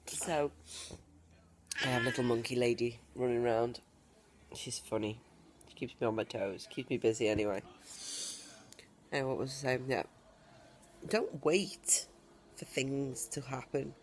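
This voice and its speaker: A woman talking straight to camera from home in a personal video diary, emphatic and defiant, with deliberate pauses. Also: a bass voice, a little hiss or hum. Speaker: vlogger.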